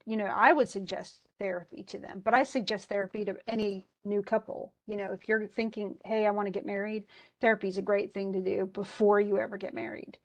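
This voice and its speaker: A woman college English instructor giving an informal lecture. She reads passages from a story aloud and comments on them in a chatty way, with many fillers and restarts. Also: mid-range voice.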